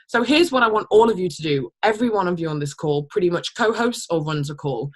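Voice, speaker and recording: Woman, team leader, blunt pep talk, casual swearing, lower-pitched voice, acts out example messages. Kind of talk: team training call, motivational pep talk.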